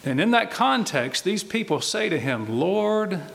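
A man preaching a sermon in a slow, deliberate way, pressing his points with emphatic repetition. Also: a little high, very animated, creaky, fairly bright tone, slight background noise. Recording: long reverb of a large hall.

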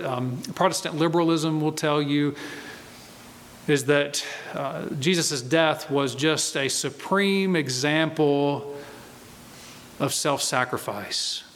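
Male pastor, emphatic sermon delivery, repeats key phrases, slightly high voice, long hall reverb. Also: fairly bright tone.

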